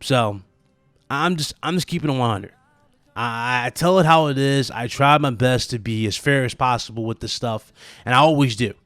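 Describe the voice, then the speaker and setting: Male gaming vlogger, casual animated delivery, mid-range voice, dry unreverberant recording. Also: medium pitch, normal speed, no echo, faint music behind. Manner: animated, conversational, lots of fillers and asides. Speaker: gaming channel host. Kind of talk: casual gaming commentary vlog.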